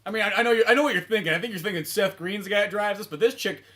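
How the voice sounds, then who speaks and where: A man's voice: high voice, rapid-fire, a bit bright. A man co-hosting a comedy podcast, chatting loosely about video games, rambling and swearing and acting out bits. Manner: rambling, profane, acts out bits in silly voices. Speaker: podcast co-host.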